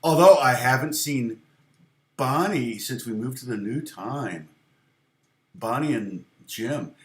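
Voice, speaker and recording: A man's voice: mid-range voice, animated, slow, fairly bright tone, roomy sound. A man teaching guitar on a casual live stream, chatting with viewers in a self-deprecating way and laughing often.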